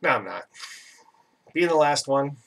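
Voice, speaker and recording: A man's voice: medium pitch, lively intonation, a little slow, gravelly, a bit bright, distant mic. A Canadian man hosting a casual live stream, chatting in a rambling, self-teasing way and reading out viewer comments.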